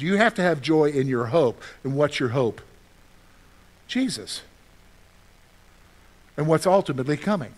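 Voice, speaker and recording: High-voiced animated preacher man. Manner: conversational, asks the audience questions and answers them; animated storytelling with sudden loud outbursts. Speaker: pastor. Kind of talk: sermon.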